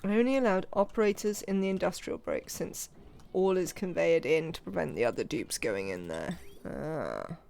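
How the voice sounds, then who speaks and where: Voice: medium pitch, expressive, moderate pace, gravelly, hardly any pauses, a little mellow, slight background noise. A UK streamer giving chatty let's-play commentary, thinking aloud and talking to the game's characters. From United Kingdom. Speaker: live game streamer.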